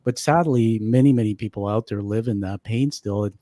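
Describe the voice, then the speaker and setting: A man hosting a radio interview show, speaking in measured, reflective statements. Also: fairly low pitch, mellow, dry recording, studio quality. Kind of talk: interview conversation.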